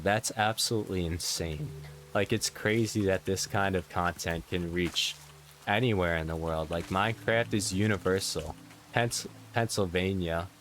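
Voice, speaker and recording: A man's voice: low voice, slight background noise. A man streaming a gaming vlog, chatting casually and easily as he reacts to where viewers are from. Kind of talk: casual chat reading viewer locations.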